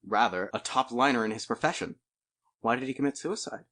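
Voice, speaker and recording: A man voicing a chatty, excitable young wife in an audiobook, quick to react and exclaim. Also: mid-range voice, close to an everyday voice. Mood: coaxing. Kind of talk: audiobook character voice.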